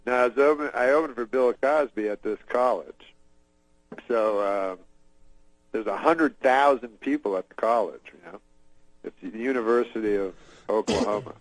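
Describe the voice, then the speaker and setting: A man rambles through an anecdote in a halting, deadpan way, his pitch rising and falling widely. The sound is dry and close, with no room around him. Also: no room sound, rough recording. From Canada. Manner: rambling, halting, deadpan, many fillers and restarts. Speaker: comedian guest. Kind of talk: casual anecdote telling.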